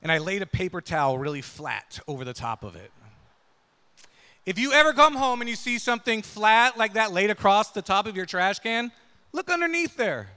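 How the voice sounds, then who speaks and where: A male pastor with a high, bright, forceful voice tells a story from the pulpit. He keeps it conversational, tossing "right?" and "yeah?" to the congregation. His words ring out with a long hall reverb. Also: animated, moderate pace. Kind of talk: sermon with personal storytelling.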